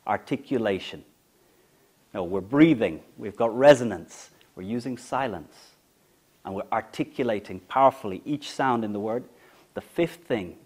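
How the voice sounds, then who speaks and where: A man coaching public speaking, lecturing emphatically with deliberate pauses and demonstrating vowels and inflection. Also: lowish voice, darkish tone.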